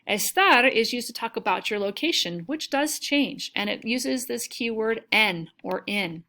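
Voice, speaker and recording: A woman's voice: a little high, lively intonation, measured pace, bright, forceful tone. A woman teaching a recorded lesson, explaining step by step and checking in with "okay?". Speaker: Spanish teacher.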